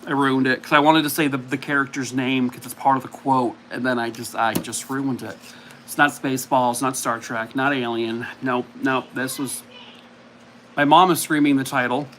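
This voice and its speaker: A man's voice: mid-range voice, fairly even intonation, normal speed, a bit bright, slight background noise. A man hosting a live game stream, chatting playfully and mocking himself with frequent laughs. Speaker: streamer host. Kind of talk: casual live-stream chat.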